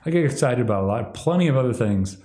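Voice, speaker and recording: A man's voice: medium pitch, lively intonation, fast talker, warm tone. Sardonic rambling man in an echoey room. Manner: sardonic, mocking, breaks into exaggerated impressions. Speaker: livestream commentator. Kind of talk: rambling solo commentary.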